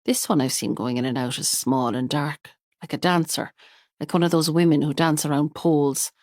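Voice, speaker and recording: A nosy, deadpan neighbour, as a woman narrator reads him passes on gossip in a confiding tone. The voice sits fairly low. The recording is close and completely dry. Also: moderate pace, dry recording, natural voice. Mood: gossipy.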